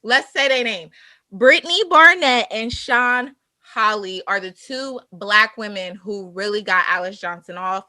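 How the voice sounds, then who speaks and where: A woman co-host talks in a bright, sharp voice, forceful and impassioned as she lectures her listeners. The sound is dry and close, with no room around it. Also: medium pitch, measured pace, dry recording. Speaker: podcast co-host. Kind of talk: casual chat.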